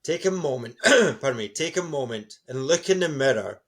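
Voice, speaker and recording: A middle-aged man answers interview questions with enthusiasm, sounding encouraging and upbeat. His voice sits at an ordinary medium pitch for a man. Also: expressive, normal speed, a bit bright, slightly rough. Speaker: guest speaker.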